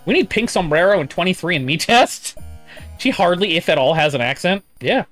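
A man's voice: high voice, lively intonation, brisk, fairly bright tone, soft background music. A man live-streaming a game, chatting casually, reading chat aloud and swearing often. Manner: profane, rambling, reads chat aloud.

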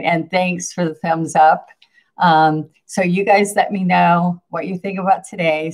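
An older woman teaches a casual painting lesson on a livestream. She is chatty and sociable, greeting viewers and laughing often, and her voice is low-pitched and gravelly.

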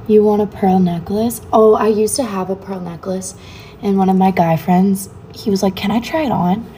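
A woman's voice: mid-range voice, little pitch movement, normal speed, dark tone, a little hiss or hum. Chatty young woman answering live comments. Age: young adult. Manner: chatty, reads comments aloud and answers them offhandedly. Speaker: livestreamer. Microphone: phone.

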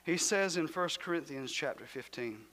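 A man preaching a sermon as pastor, in a rhythmic cadence that swells to shouts and sinks to a hush. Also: on the high side, animated, normal speed. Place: church sanctuary. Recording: long church hall reverb.

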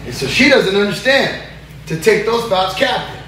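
A man's voice: sits high, normal speed. A man leading a Bible study, teaching animatedly, often checking in with his group and acting out scenes. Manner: lively, checks in with "right?", acts out scenes. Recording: echoey room, mic far off, noisy.

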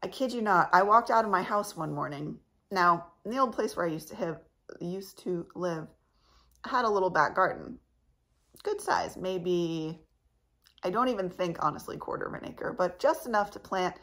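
A woman's voice: fairly low pitch, lively intonation, moderate pace, fairly bright tone. A woman vlogger chatting casually to her viewers, rambling and laughing often, her voice a little cracked in the morning. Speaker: channel host. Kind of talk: casual chat to camera.

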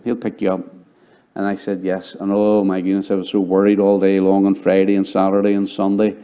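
A middle-aged male pastor preaching a sermon and telling his conversion story, dropping to a hushed voice when he quotes people. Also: lowish voice. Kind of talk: sermon with personal testimony.

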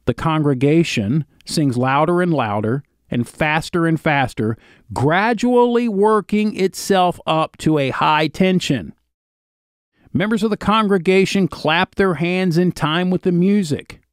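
A man's voice: on the high side, unhurried, no room sound, clean studio sound. Man reading an old account aloud. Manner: steady reading, broken by casual spoken asides. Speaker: video narrator.

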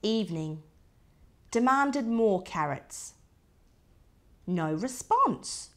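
A woman reads a children's picture book aloud, taking her time over each short entry. Her voice rises and falls with plenty of movement, and she breaks off now and then to point things out softly to the listening child. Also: mid-range voice, expressive. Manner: slow, clipped diary entries with soft asides to the child.

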